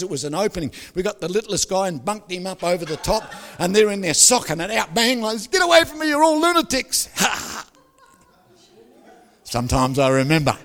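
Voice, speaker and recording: Older pastor preaching, joking. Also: male voice, fairly high pitch, gravelly. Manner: jokey, storytelling, with sudden loud outbursts. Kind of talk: sermon. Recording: hall reverb.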